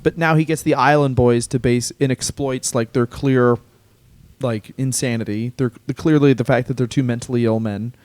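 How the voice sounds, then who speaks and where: A man's voice: mid-range voice, fairly even intonation, moderate pace, a little mellow, no echo. A male comedian co-hosting a podcast, rambling in casual chat with lots of "like" and plenty of swearing. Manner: rambling, heavy use of "like", swears freely.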